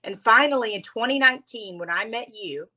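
A woman's voice: on the high side, fairly quick, a little hiss or hum. Heartfelt woman telling her story. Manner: heartfelt, animated, near tears at times. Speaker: interview guest, speaker. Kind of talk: emotional storytelling interview.

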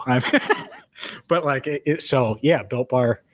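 A man's voice: mid-range voice, moderate pace, slightly rough, no echo. Joking man on a dry mic. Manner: joking, laughs often, repeats words. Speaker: podcast co-host. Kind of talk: casual sports podcast chat.

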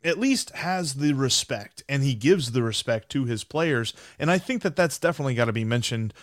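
A man co-hosts a casual sports talk, weighing his points and stumbling over restarts. His voice sits at an ordinary middle pitch. The recording is close and dry. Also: animated, moderate pace, dry recording. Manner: thoughtful, analytical, stammering restarts. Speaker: podcast co-host.

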